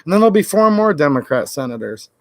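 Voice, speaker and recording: A man's voice: on the high side, big pitch swings, quick pace, no room sound. A man from Michigan ranting sarcastically on a late-night political livestream. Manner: ranting, sarcastic, mocks senators in quoted voices. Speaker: political YouTuber.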